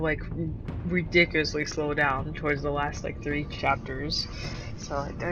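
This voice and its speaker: A woman's voice: low voice, muffled recording. A woman giving casual, rambling commentary on a video game she just finished, hesitating often with fillers. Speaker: gameplay video host.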